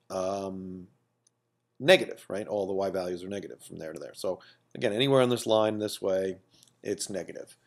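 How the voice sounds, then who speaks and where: A man's voice: fairly low pitch, vocal fry. A man teaching a calculus lesson at a whiteboard in a casual way, repeating phrases and checking in with "okay?" and "right?". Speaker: math teacher.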